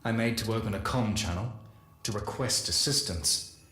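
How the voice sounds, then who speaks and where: A man giving a dramatic first-person story reading, slow and measured with deliberate pauses. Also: fairly low pitch, bright, forceful tone, faint music behind. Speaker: lore reader. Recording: echoey room.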